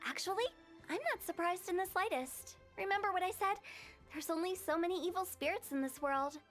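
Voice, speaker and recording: A woman's voice: very high-pitched, fairly quick, a bit bright. A woman voicing a playful, bossy young female funeral director in a video game, teasing and self-assured. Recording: game audio with faint music.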